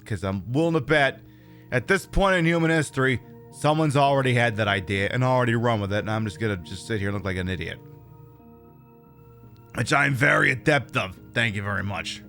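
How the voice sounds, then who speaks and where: A man chats his way through a game stream in a rambling, self-mocking voice. His bright tone swings widely in pitch, and faint game music plays behind him. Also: animated, fairly quick, vocal fry. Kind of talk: live gameplay commentary.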